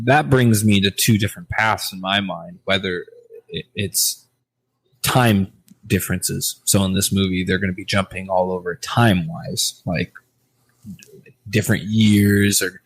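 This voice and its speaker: A very low-voiced man co-hosting a laid-back podcast. He rambles, swears freely and often restarts his sentences mid-thought. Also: slightly rough, no echo. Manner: rambling, profane, hesitant restarts. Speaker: podcast co-host. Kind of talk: casual podcast chat.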